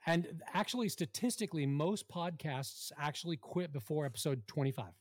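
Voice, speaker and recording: A man's voice: on the high side, lively intonation, moderate pace, no echo. A man co-hosting a podcast, chatting in a playful, upbeat and talkative way. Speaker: podcast co-host. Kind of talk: casual podcast chat.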